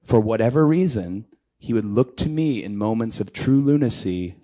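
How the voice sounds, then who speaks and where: A man in his thirties, spinning a casual anecdote as an interview guest. His speaking voice sits a little low, and he jumps into raised, animated voices to act out what others said. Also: moderate pace. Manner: animated storyteller, acts out quotes in raised voices. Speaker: interview guest, pro wrestler.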